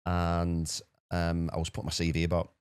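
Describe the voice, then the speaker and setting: A British podcast guest with a low, smooth voice recounts a story casually, speaking rapidly and animatedly and repeating words often. The recording has no echo.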